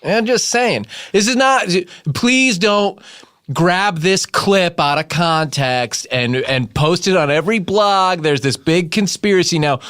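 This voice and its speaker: A man's voice: sits high, a little slow, a bit bright, smooth, dry recording, clean studio sound. A man co-hosting a comedy podcast, riffing in a playfully mock-serious way. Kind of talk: improvised comedy chat.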